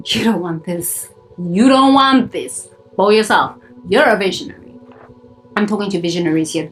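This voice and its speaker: Outdoors in the sunshine, a woman from South Africa addresses her phone camera as a spiritual coach, preaching self-help emphatically and bluntly. She swears and repeats lines for emphasis. Her voice is mid-range with a fairly bright tone, and the recording quality is low.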